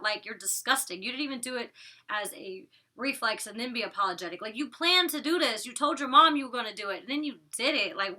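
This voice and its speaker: In a fairly high, pushed and bright voice, a woman recaps a reality TV episode bluntly and with strong opinions. She talks casually and swears freely as she reviews it.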